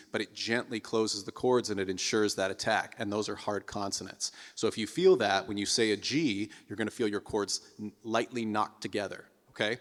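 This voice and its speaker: A man's voice: on the low side, fairly bright tone, in a large hall. A man teaching a singing lesson as a vocal coach, encouraging students and demonstrating sung exercises. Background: piano.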